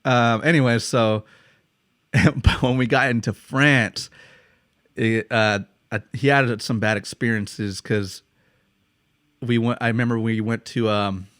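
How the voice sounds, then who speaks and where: An American man hosts a podcast and tells stories in a loose, casual way, swearing freely and laughing often. His voice sits at a middle pitch. It is recorded close and dry. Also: fairly even intonation, takes it slowly, fairly bright tone, no room sound. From United States. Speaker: podcast host. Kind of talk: casual storytelling chat.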